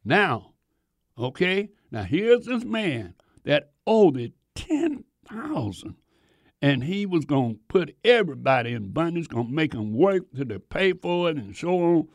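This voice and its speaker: Preacher guy, slow folksy sermon, lively swooping pitch, kinda high voice. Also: no room sound, studio quality. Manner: folksy, animated, halting reading with restarts. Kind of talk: sermon with scripture reading.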